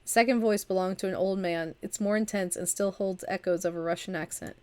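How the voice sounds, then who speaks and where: A woman's voice: medium pitch, steady tone, a little fast, few pauses, darkish tone, smooth. A woman, recovering from an illness, reading a vampire visual novel aloud on a livestream with chatty asides. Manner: chatty asides, stumbles over words and restarts reading. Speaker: streamer and storyteller.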